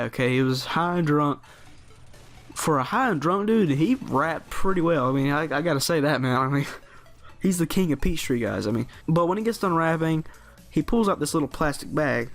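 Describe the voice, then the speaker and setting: A teenage guy tells a story to his channel, his voice sitting a bit high for a young man. He rambles, restarts his sentences and leans on fillers. Faint music runs underneath. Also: animated, normal speed, a bit bright. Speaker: vlogger. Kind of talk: casual storytelling.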